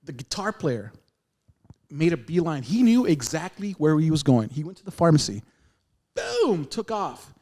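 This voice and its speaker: A man's voice: a little high, normal speed. A man telling a long story in casual podcast chat, acting out the voices of the people in it. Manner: animated, acts out other people's lines in the story. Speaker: podcast guest, radio veteran.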